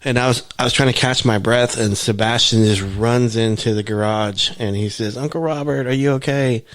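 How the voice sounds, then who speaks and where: A man co-hosting a podcast, telling stories in a casual, halting way with many restarts. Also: fairly low pitch, level tone, fairly bright tone, dry recording. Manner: rambling, halting, frequent restarts. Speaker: podcast co-host. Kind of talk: casual chat.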